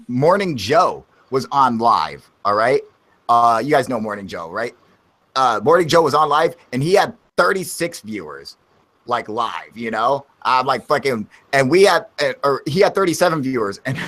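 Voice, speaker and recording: A man's voice: mid-range voice, normal speed. A man hosting a live video chat, talking casually, swearing a lot and telling stories with energy. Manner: profane, rowdy, animated storytelling. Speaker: livestream host. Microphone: video call.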